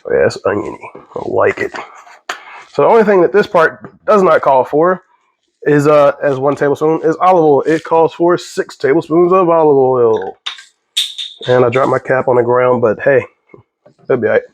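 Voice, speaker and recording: A man's voice: on the high side, normal speed. A young man in his kitchen, chatting casually and rambling with jokes as he cooks. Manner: rambling, jokey, easily sidetracked. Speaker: vlogger. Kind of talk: casual cooking vlog. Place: home kitchen.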